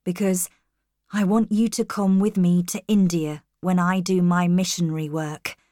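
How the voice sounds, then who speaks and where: A woman reading the lines of an earnest, serious young male missionary in a calm, measured way. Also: on the low side, no room sound, clean studio sound, close to an everyday voice.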